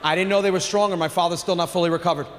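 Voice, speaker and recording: A stand-up comedian with a high, bright-edged voice works a big room, animated and loud on his punchlines. His voice rings with a long hall reverb, and crowd noise sits clearly behind him. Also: very fast. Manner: animated, shouts punchlines, acts out family members. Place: large theater stage with audience.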